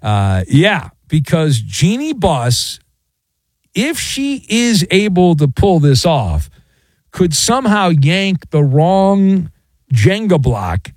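A man's voice: fairly high pitch, a little mellow, dry recording. A man giving jokey, theatrical solo sports commentary. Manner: theatrical, jokey, mock sound effects.

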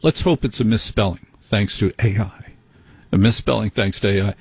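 A man's voice: on the low side, normal speed, slightly rough, no room sound. A middle-aged man hosting an overnight radio show, chatting casually with rambling, wry, self-deprecating asides. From United States. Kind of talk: casual late-night radio chat.

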